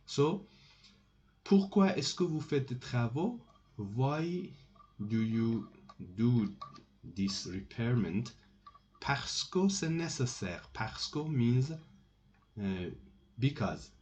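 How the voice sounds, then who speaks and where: Slow, mellow-voiced man teaching French. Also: mid-range voice, sing-song. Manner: slow and repetitive, restarting phrases often. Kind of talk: slow explanatory lesson. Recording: dull lo-fi recording with keyboard typing.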